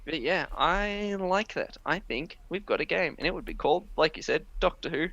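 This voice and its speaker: A man's voice: fairly high pitch, expressive, moderate pace, gravelly, pushed and bright, dry recording, dull audio. A young man co-hosting a casual podcast chat, rambling with many fillers as he retells scenes. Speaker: podcast co-host.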